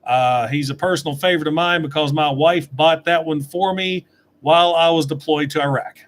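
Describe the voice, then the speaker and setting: A man's voice: fairly high pitch, steady tone, normal speed. A middle-aged man chatting casually on a livestream, reading out and answering viewer questions from his desk webcam. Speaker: toy reviewer answering live chat.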